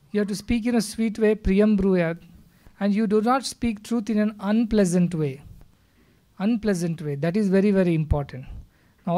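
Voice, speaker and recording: A man giving a live spiritual discourse in a hall, speaking in a measured way and explaining with stories and scripture verses. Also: sits high, warm tone. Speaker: spiritual teacher. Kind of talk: satsang discourse.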